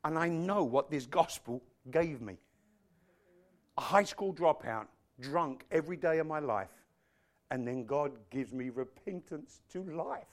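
A man's voice: a little high, lively intonation, unhurried. A male pastor preaching a sermon in an impassioned, emphatic way, breaking off into self-deprecating asides.

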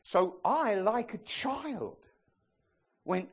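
Animated man preaching. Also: sits high, normal speed. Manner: animated storytelling, bursts into excited shouted impressions. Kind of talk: sermon.

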